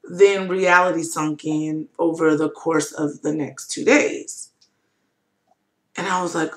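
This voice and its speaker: A woman's voice: low-pitched, fairly even intonation, slow pace. A young adult woman telling a personal story on her webcam vlog, candid and emotional, with lots of fillers. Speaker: vlogger. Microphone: webcam mic.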